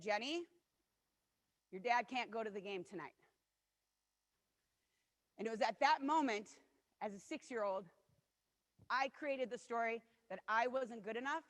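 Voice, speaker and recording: Speaking at a normal speed with frequent pauses, this woman has a voice on the high side. She's a keynote speaker in her forties, earnest and personal, telling her own stories in a motivational talk and voicing others' quotes. Long reverb from the hall trails her words.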